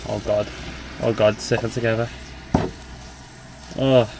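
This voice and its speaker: A man's voice: lowish voice, flat delivery, a little slow, gravelly, background noise. A young man, chatting casually to camera in a campervan, rambling with lots of fillers. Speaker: travel vlogger. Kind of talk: casual vlog chat to camera. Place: inside a small campervan.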